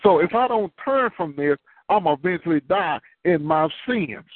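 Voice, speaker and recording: A man's voice: high-pitched, lively intonation, normal speed, dry recording. Preacher man over a tinny phone line. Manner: conversational preaching with call-and-response questions. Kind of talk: sermon.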